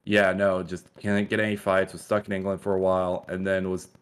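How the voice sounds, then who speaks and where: Man, co-host, lowish voice, animated and profane fight recaps. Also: brisk, clear, resonant tone. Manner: animated recounting of fights, swearing. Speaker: podcast co-host. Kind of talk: casual MMA chat.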